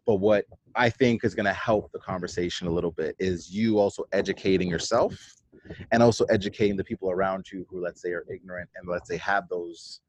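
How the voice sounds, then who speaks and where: A man's voice: deep voice, fairly even intonation, brisk, no room sound. A man speaking as a podcast guest over a remote call, emphatic and casual, swearing freely. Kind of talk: casual conversation.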